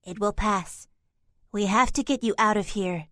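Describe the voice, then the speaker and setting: A bossy little female pixie voiced by a woman gives brisk orders and coaxes with pet names. Her voice sits at a middle pitch and is recorded dry and close. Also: a bit bright, no room sound, natural voice. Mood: coaxing.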